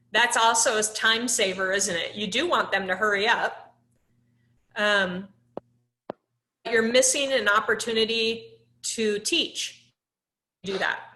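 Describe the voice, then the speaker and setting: A woman's voice: a little high, pushed and bright, roomy sound. A woman instructor teaching a live online class over a laptop microphone. She talks in a conversational way, with many "um"s, and puts questions to the class.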